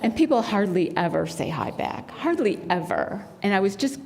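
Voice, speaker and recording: A woman's voice: mid-range voice, big pitch swings, normal speed, vocal fry, darkish tone. A woman minister giving a sermon, telling a personal story and acting out the voices of the people in it. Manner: storytelling, acts out quoted voices. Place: spiritual center sanctuary. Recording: long hall reverb.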